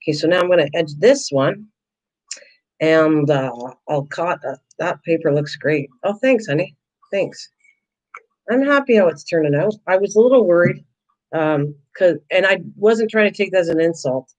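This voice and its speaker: A woman's voice: lowish voice, expressive, moderate pace, a little mellow, low-quality recording. A chatty woman talking casually to her viewers while she works on a craft project, laughing at herself. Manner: chatty, self-deprecating, talks to viewers in chat. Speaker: craft vlogger.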